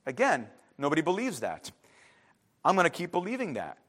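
A male pastor delivers a sermon in a high, light voice. He preaches emphatically and swings from loud, insistent outbursts to quiet, hushed asides. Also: wildly swooping pitch, brisk.

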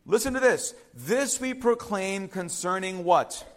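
A man's voice: sits high, animated, measured pace, few pauses. A man preaching a sermon, emphatic, repeating key phrases and putting questions to the congregation. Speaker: pastor.

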